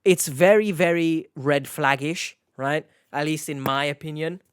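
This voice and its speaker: A man's voice: fairly high pitch, unhurried, smooth, dry recording, clean studio sound. Sarcastic man doing reaction commentary. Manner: sarcastic, mocking. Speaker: online reaction host.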